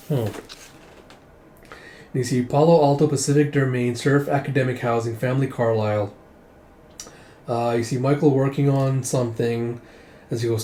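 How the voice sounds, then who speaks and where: Man, comic readthrough host, casual, excitable, mid pitch, roomy echo. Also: normal speed, long pauses, slight background noise. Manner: casual, retelling with "it's like", excitable.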